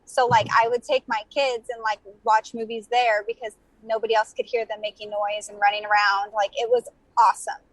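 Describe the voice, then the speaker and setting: A woman's voice: a little high, level tone, fairly quick, hardly any pauses, a bit bright, no room sound, rough recording. A woman in her thirties, a podcast guest chatting casually, laughing and filling her talk with "like". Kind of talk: casual chat.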